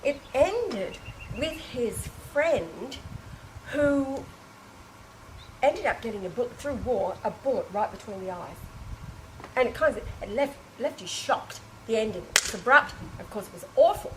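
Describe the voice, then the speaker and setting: A woman's voice: on the high side, a little slow, a little hiss or hum, poor audio. Emotive woman telling a personal story. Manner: animated and emotive, with frequent exclamations and restarts; laughs and tearful breaks while telling. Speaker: storyteller recounting an experience to a small group.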